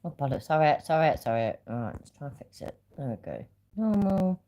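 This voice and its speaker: Very low-voiced swearing British woman. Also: animated, quick pace, dark tone. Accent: British English. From Britain. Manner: rambling, swearing, laughing chat. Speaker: streamer. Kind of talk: casual livestream chat.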